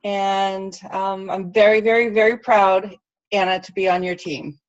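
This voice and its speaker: A woman's voice: mid-range voice, little pitch movement, unhurried, no room sound. A woman speaks with earnest gratitude on a group video call. The sound is dry and close. It is dulled by a lo-fi connection. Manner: grateful, earnest. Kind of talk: introducing herself on a video call.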